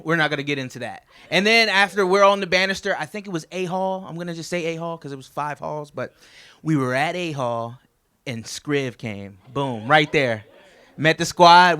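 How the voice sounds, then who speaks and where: A best man with a drawl gives a wedding toast, rambling through old stories in a joking, chatty way. His voice sits a little higher than most men's. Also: pushed and bright. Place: wedding reception.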